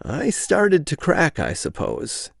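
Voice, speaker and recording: A man's voice: on the high side, huge pitch swings, takes it slowly, gravelly, breathy edge, no room sound, clean studio sound, pitched above the performer's own voice, exaggerated voice. A man reading a story aloud, voicing a strained, harried man fighting the Devil who swings into outbursts. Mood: shaken.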